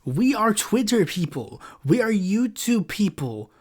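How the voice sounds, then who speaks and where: A podcast host lets off steam in a loose, sarcastic monologue, leaning on "like" and "it's like" as he goes. His voice sits a little high and swings widely in pitch, rising sharply whenever he is exasperated. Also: big pitch swings, measured pace. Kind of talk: casual ranting monologue.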